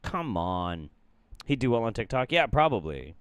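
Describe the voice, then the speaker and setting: A man's voice: on the low side, sing-song, moderate pace, clean tone, no echo. A man giving sarcastic, exasperated reaction commentary on a clip, swearing freely. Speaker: commentary streamer. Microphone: studio mic.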